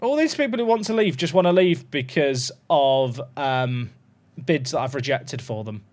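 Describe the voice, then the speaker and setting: The streamer's voice is mid-range and a little mellow, with lively intonation and a moderate pace. Playing a football management game on a livestream, he swears and speaks to his chat with theatrical despair, casually commenting as he goes.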